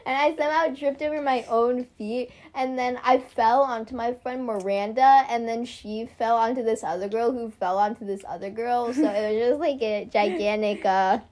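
A teenage girl co-hosting a casual chat podcast, playful and giggly, talking in quick bursts. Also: on the high side, darkish tone. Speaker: podcast co-host.

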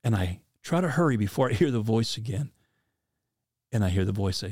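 A man telling a personal hunting story in a casual, animated way, often restarting and acting out quotes. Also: lowish voice, fairly quick, husky, no echo, studio quality.

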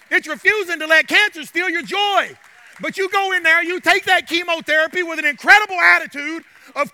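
A man preaching a sermon in a church. He urges the congregation to answer back, then drops to quiet, confiding talk. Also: very high voice. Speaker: pastor.

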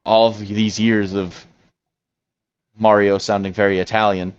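In a lo-fi, dry recording, a podcast co-host speaks in a lowish, level, clean-toned voice without hurrying. He chats casually and meanders, frequently starting over and leaning on filler words.

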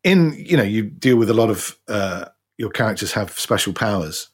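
A man's voice: fairly low pitch, very animated, moderate pace, breathy edge. A man hosting an interview, matey in tone, asking rambling questions full of restarts. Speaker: interviewer host. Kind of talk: casual interview chat.

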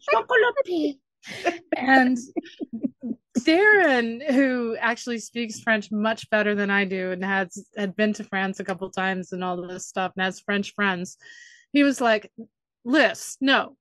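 A woman tells family stories in easy, casual chat, poking fun at herself and laughing often. Her voice sits in a middle pitch and sounds dry and close to the mic, with no room around it. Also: measured pace, fairly bright tone, no echo. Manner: self-deprecating storyteller, laughs often. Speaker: guest, author and comedian.

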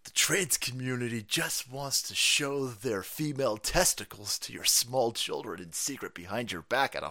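A man hosting a stream, ranting in profane political commentary with mocking asides and sudden shouts. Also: medium pitch, lively intonation, normal speed, hardly any pauses. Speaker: streamer host.

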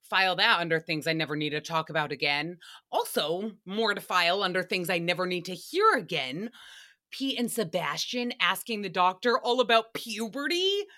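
Bright, sarcastic young woman ranting. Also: on the low side, normal speed. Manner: profane, sarcastic, animated storytelling. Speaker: podcast host. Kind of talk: casual comedic recap monologue.

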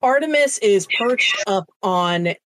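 A woman's voice: medium pitch, animated, fairly bright tone, a little hiss or hum. Woman narrating as game master. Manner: casual, halting, with fillers and laughs.

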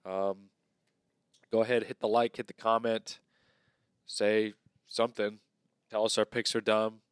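A man's voice: fairly low pitch, little pitch movement, unhurried, clear, resonant tone, no room sound, clean studio sound. Easygoing man signing off a podcast. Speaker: podcast co-host. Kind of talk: casual podcast sign-off.

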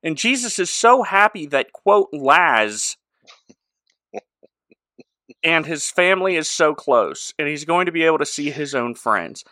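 A man's voice: a little high, big pitch swings, unhurried, pauses often, sharp tone, no echo, studio quality. A man co-hosting a podcast, recapping a show in casual chat and joking around. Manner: jokey, acts out characters in exaggerated voices. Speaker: podcast co-host.

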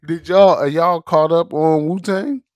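A man co-hosting a podcast, telling animated stories with quick asides. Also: on the high side, no room sound. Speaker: podcast co-host. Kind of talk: casual chat.

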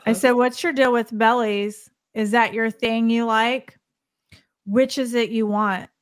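A woman's voice: fairly high pitch, steady tone, a little slow, clear, resonant tone, no echo. A woman co-hosting a casual podcast, telling a story in a chatty, giggly way. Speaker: podcast co-host. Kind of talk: casual chat.

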